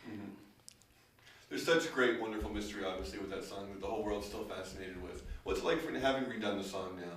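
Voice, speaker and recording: Male interviewer, fast talker, halting rambling questions, distant mic, echoey room. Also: lowish voice, a bit bright, a little hiss or hum. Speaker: interviewer, host. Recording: roomy, far from the mic.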